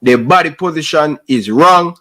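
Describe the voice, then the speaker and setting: Male host, casual interview, easygoing, slips into patois, slightly high voice. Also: normal speed. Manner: relaxed, mixes in patois. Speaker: show host.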